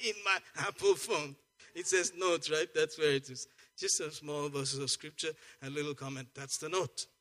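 Lively high-voiced preacher man. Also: moderate pace. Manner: lively, jokey, swings from soft asides to loud exclamations. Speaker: pastor. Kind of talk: sermon.

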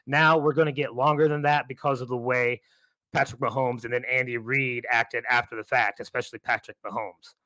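Mid-pitched guy talking sports calmly, dry close sound. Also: brisk, no room sound. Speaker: podcast co-host. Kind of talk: sports podcast banter.

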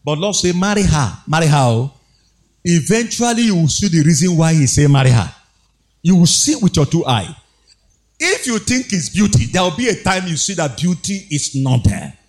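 A man's voice: sits high, very animated, moderate pace. A man preaching a sermon, exhorting with rhetorical questions, repeated phrases and a sing-song emphasis.

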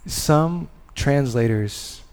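A man preaching a sermon and leading a prayer, speaking with long pauses and letting phrases fall soft and low. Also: clear, resonant tone. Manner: slow, deliberate delivery with long pauses and soft endings; rises in intensity on key words, then drops low. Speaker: pastor.

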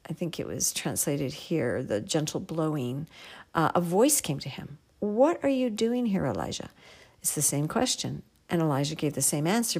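A woman giving a devotional Bible teaching in a gentle, earnest way, sometimes dropping to a near whisper for emphasis. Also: on the low side.

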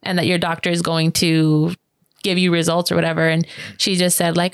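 A woman telling a personal story in casual chat, animated, full of fillers, acting out quoted voices with big pitch jumps. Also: brisk, creaky, clear, resonant tone, no room sound, clean studio sound. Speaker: interview guest.

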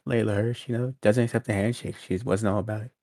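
A man co-hosting a wrestling podcast, quick and sarcastic in casual chat. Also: fairly low pitch, fairly even intonation, a little mellow, no room sound, clean studio sound. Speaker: podcast co-host.

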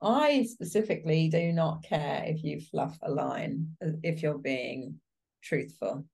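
Animated woman casting director, chatty. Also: sits low, measured pace, vocal fry, breathy edge. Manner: animated, laughs often, acts out quoted reactions. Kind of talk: interview guest, casual conversation.

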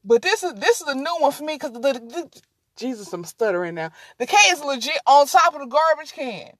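A woman's voice: high voice, sing-song, brisk, no echo, clean studio sound. Chatty rambling podcaster woman, drawl. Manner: rambling, easily distracted, talks to listeners as y'all. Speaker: podcast host. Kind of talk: casual solo podcast chat.

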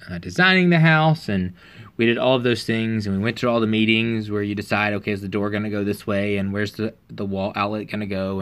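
A man preaching in a relaxed, earnest, conversational way, telling a personal story with frequent pauses and fillers. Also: medium pitch.

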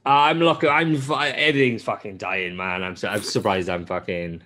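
A man, a podcast host telling a game's story in casual chat, animated and full of swearing and restarts. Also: lowish voice, normal speed.

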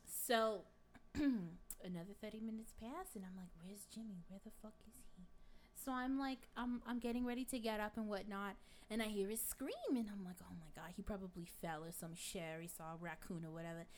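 A woman's voice: medium pitch, a little fast, darkish tone, close to an everyday voice. A woman playing a brash, crude middle-aged gossip in a comic sketch, rambling through a story with plenty of swearing. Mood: brash, gossipy. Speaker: guest.

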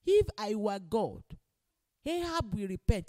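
A woman preaches in a high voice that swings widely in pitch. She is emphatic and repeats her key phrases. She often climbs into loud exclamations. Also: big pitch swings, measured pace. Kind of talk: sermon.

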